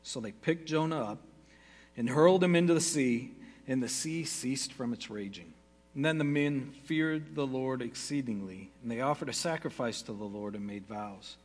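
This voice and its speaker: A man, a pastor, reads a Bible passage aloud to his congregation at a steady pace, with brief casual asides and quick self-corrections. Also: fairly high pitch, in a large hall. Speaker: pastor teaching a Bible study. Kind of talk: reading scripture aloud to a congregation.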